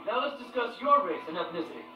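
A man voicing a pushy, cheerful grown-up in a cartoon game, talking to a kid in a high, quick voice. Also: big pitch swings, reverberant, distant mic, exaggerated voice. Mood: chipper. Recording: dull mix with loud game music, from afar.

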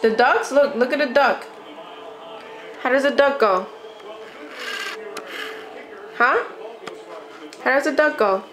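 A woman reading a picture book to a toddler in playful baby talk, asking slow coaxing questions and imitating animal sounds. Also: high-pitched, fairly bright tone, soft background music, rough recording.

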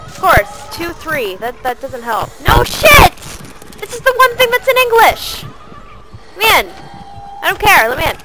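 A woman giving loud, profane gameplay commentary, yelling at her character. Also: very high voice, very animated, a little slow, music in the background, rough recording. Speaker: let's play gamer.

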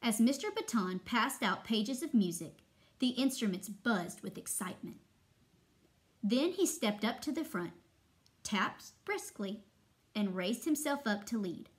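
Slow, expressive woman teacher reading aloud. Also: a little high. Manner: expressive, with long pauses. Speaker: first-grade teacher. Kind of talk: reading a story aloud to children.

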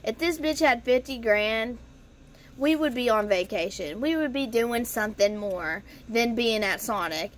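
Young woman vlogger with a high voice, chatty and profane, telling a story straight to camera. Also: lively intonation, a little slow, a little hiss or hum. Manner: chatty, profane, addresses viewers as guys. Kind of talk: casual storytime vlog.

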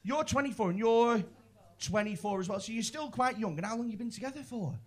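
Brash, high-voiced Liverpool comedian. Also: male voice, expressive, a little fast. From Liverpool, England. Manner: brash, sweary, teasing. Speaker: stand-up comedian. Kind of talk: stand-up crowd work.

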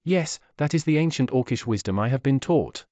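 A seasoned orc warrior, voiced by a male narrator, speaks calmly and with quiet wisdom. His voice is steady and unhurried in a dry, close reading. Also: mid-range voice, dry recording, lightly acted. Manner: calm, sage.

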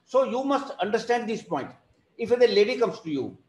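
A high-pitched man lectures students over a video call and keeps repeating the points he wants them to remember. His phrasing is non-native, and the room around him rings with echo. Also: big pitch swings, normal speed, darkish tone. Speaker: teacher of alternative therapy. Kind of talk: online class lecture.

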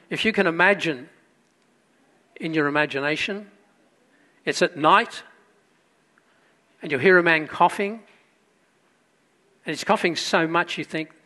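A man delivers a sermon as pastor. His voice sits fairly high for a man. He tells the story with rising emphasis and drops into quieter asides.

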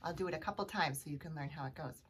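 A woman reading a picture book aloud for a children's storytime, gentle and sing-song. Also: sits low, racing, husky, far from the mic.

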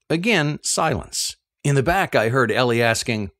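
A man reading a first-person novel aloud, telling the story in an expressive, animated way. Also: mid-range voice, moderate pace, hardly any pauses, no room sound, clean studio sound. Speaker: audiobook narrator.

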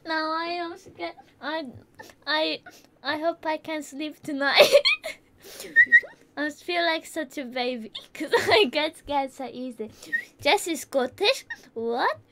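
A very high, lively voice from a woman streamer from England, jumpy and quick to laugh as she plays. Her pitch leaps all over. Loud background noise and keyboard clicks sit under her voice. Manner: jumpy, laughs often, easily startled. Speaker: live streamer. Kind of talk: live gaming stream chat.

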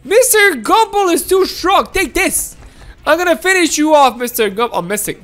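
A woman giving excited gameplay commentary, gasping and laughing as she talks to her viewers. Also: extremely high pitch, normal speed, faint music behind. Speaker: gameplay video host.

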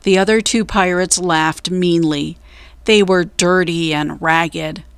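Slow, deliberate woman reading a storybook. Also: lowish voice, fairly even intonation, dry recording. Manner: slow, clear, deliberate read-aloud. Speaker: children's storyteller. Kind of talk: reading a children's book aloud.

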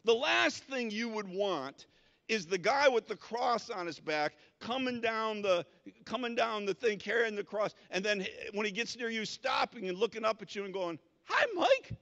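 Man, pastor, sermon, high voice, stumbling restarts, long church-hall reverb. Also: moderate pace, creaky, pushed and bright, muffled recording. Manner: conversational preaching with many restarts and repeated words. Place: church sanctuary.

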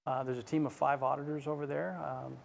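Gravelly flat-voiced man, hesitant. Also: medium pitch, slight background noise. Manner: measured, hesitant with many ums. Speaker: state auditor, guest. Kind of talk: radio talk show interview.

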